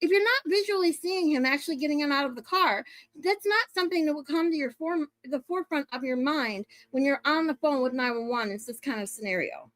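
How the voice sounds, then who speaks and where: High-voiced woman reacting bluntly. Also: fairly bright tone, no room sound. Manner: blunt, swears, talks over paused clips. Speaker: true-crime commentary host. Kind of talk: casual reaction commentary.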